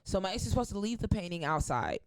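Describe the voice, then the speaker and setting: Excitable woman telling a wild story. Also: quick pace. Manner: excitable, profane, acts out quotes with big pitch jumps. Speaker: podcast guest. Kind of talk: animated storytelling in casual chat.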